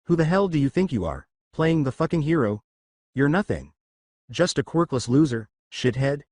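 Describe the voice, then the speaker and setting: A man voicing a furious, contemptuous teenage boy hero who yells insults, with a lively, swinging pitch in a dry recording. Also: moderate pace, no room sound. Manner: yelling insults.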